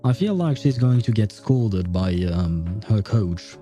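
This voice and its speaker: A man's voice: lowish voice, expressive, measured pace, mellow, faint music behind. A man giving casual, rambling commentary while playing a video game, laughing often. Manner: laughing, rambling, self-deprecating. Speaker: gaming streamer.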